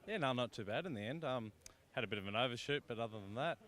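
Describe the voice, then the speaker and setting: A man's voice: mid-range voice, animated, fast talker, fairly bright tone. A man with an Australian accent, a rally driver, speaking in a dry, understated way.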